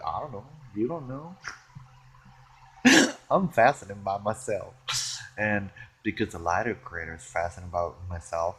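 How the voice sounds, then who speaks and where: A low-pitched man with a husky voice talks alone to his camera, rambling freely. He giggles often and drifts from excited bursts into quiet musing. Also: moderate pace. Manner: playful, giggly, drifting between excited and hushed. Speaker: vlogger. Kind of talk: rambling solo vlog monologue.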